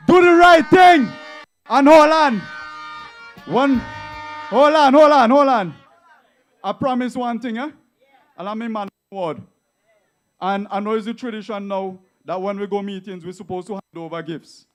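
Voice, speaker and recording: A Vincentian man giving a fiery, mocking campaign rally speech, often shouting to the crowd. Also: sits high. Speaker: political rally speaker.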